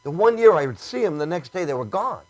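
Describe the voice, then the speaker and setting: A man's voice: fairly high pitch, very animated, fast, poor audio. A man chatting casually as a guest, easygoing and laughing between remarks. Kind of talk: casual chat.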